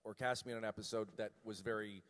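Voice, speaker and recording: A middle-aged man from Canada, answering fan questions on a convention panel in a joking, self-deprecating way, with halting fillers. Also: lowish voice, fairly even intonation. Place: large convention hall. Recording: long hall reverb.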